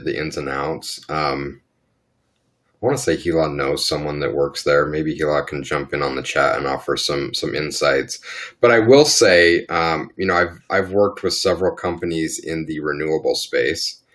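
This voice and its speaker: A man with an extremely low, deep voice talks loosely on a tech podcast. He circles his point, restarting phrases and filling gaps with "um" as he goes. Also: normal speed, a bit bright. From Utah. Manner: rambling with frequent restarts and fillers. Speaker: podcast co-host. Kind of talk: casual panel discussion.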